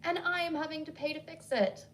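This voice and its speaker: A woman's voice: on the high side, animated, moderate pace, a little hiss or hum. A woman voicing a curt, guarded and cold busy woman who snaps defensively. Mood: curt, angry.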